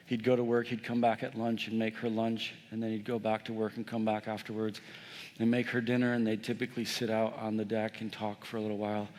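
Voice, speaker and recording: A man preaching a sermon, telling a personal story with lively, self-mocking humor and talking straight to the congregation. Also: fairly low pitch, a little fast. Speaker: pastor. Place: church sanctuary. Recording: long church reverb.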